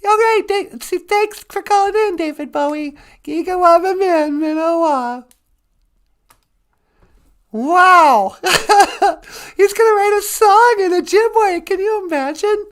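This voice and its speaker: A man puts on a high, squeaky voice for a mischievous rabbit trickster spirit with a Minnesota accent, who giggles a lot and chats with playful mischief. The delivery is unhurried and drawn out, in the manner of a puppet co-host on a live stream. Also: fairly bright tone, heavily acted. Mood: giddy. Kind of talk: live-stream chat in character.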